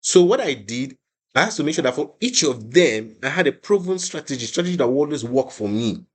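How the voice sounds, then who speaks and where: A young adult man leads an online exam-prep class with a voice of ordinary middle pitch. He drives his points home by repeating phrases and often restarts mid-sentence. His steady teaching voice rises high when he gets excited. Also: brisk. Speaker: IELTS tutor.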